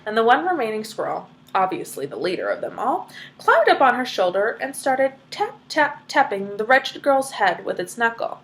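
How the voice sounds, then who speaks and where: A woman's voice: a little high, very animated, moderate pace, a bit bright. A woman reading a children's book aloud, stopping for chatty explanations. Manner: chatty asides full of "like".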